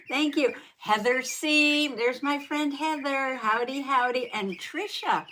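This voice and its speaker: Slow-talking folksy woman host. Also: fairly high pitch, a little hiss or hum. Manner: folksy, greets viewers with repeated howdys and soft laughs. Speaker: host of a journaling live stream. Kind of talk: casual live-stream chat.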